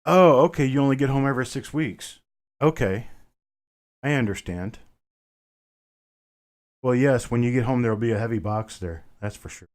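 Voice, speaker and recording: A man's voice: medium pitch, moderate pace, long pauses. A middle-aged man runs a live coin auction stream and keeps up easy, casual chatter with his viewers. He reads out names from the chat and answers each one directly, calling them brother. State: a bit winded.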